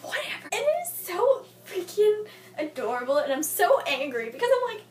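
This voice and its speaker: Young woman, high lively voice, excitable book vlogger, roomy echo, mic at a distance. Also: fast talker. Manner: gushing, exasperated, talks back at the characters. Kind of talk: casual book review vlog. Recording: echoey room, mic at a distance.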